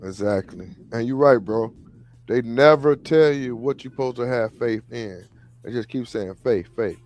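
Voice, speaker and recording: A man co-hosting a casual talk show about faith, animated and quick to push back. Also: medium pitch. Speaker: co-host. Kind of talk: casual religious discussion.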